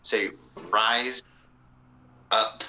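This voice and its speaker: A man's voice: lowish voice, steady tone, very slow, sharp tone, a little hiss or hum, rough recording. A man who is a guest on a casual livestream chat, joking around and telling corny jokes. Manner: jokey, tells corny jokes, laughs easily.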